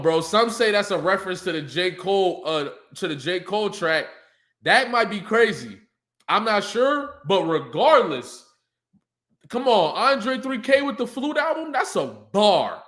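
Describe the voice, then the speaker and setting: Man, battle rapper, casual reaction commentary, high lively voice. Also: unhurried. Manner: excitable, hypes up lines, breaks into shouts and laughs. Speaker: battle rapper breaking down diss tracks.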